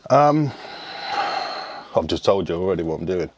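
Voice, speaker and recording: A man's voice: low voice, big pitch swings, normal speed, background noise. A man, chatting casually to camera as a fitness coach, rambling and swearing freely. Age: 30s. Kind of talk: casual vlog chat.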